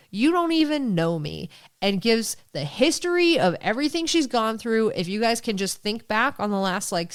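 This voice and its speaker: A woman co-hosting a podcast, casually recapping a novel's plot and acting out the characters' lines. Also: medium pitch. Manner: animated, acts out characters' lines. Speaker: podcast co-host.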